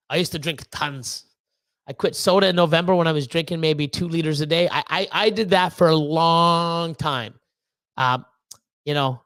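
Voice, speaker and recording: A man hosts a casual livestream, rambling with plenty of fillers, restarts, and swearing while reading out chat messages. His voice is high-pitched and a bit bright, and the recording is dry.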